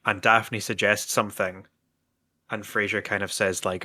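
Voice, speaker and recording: A man's voice: fairly low pitch, little pitch movement, measured pace, sharp tone, no echo. A man co-hosting a podcast in casual chat, agreeable and speculative in his way of talking. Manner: agreeable, speculative, often says "yeah" and "kind of". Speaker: podcast co-host.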